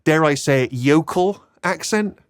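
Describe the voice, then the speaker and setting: A man's voice: fairly high pitch, expressive, a little slow. A middle-aged man with a Bristol West Country accent, chatting as a podcast guest and telling self-deprecating stories. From England, Bristol. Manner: self-deprecating storyteller, slips into put-on voices. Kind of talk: casual chat.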